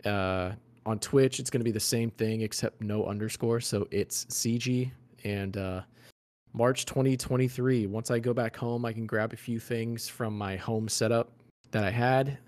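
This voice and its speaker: A young man, a podcast guest, chatting casually in a laid-back, slightly halting way. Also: fairly low pitch, a little mellow. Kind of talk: casual chat.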